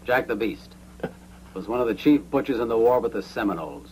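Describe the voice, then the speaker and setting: An actor playing a cold, ruthless former army captain in a dubbed western, speaking in a menacing, matter-of-fact way. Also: male voice, mid-range voice, lively intonation, a little fast, darkish tone, a little hiss or hum, natural voice, rough recording. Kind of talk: dubbed 1970s western film acting.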